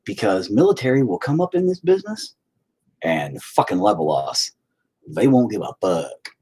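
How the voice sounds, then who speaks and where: A man's voice: lowish voice, normal speed, husky. A young man chatting casually on a livestream, rambling and swearing freely while he works on a painting at home. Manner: rambling, profane, animated. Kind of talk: casual stream chat. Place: home, indoors.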